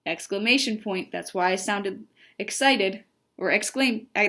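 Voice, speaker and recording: A woman's voice: medium pitch, a little slow, pushed and bright. A woman teacher reading a storybook aloud and stopping to spell out words letter by letter for young students. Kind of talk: phonics lesson with read-aloud.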